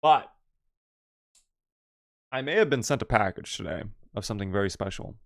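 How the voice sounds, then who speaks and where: A man's voice: lowish voice, animated, normal speed, gravelly, a bit bright. Chatty man streaming a game. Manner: rambling, chatty, lots of "like" fillers. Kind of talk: casual live-stream chat.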